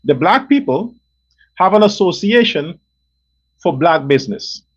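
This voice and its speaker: A Guyanese man hosting his own show delivers an angry, profane political rant, hammering on and repeating words. His voice is high and breathy-edged, swinging widely in pitch at a slightly slow pace. The recording is dull and lo-fi.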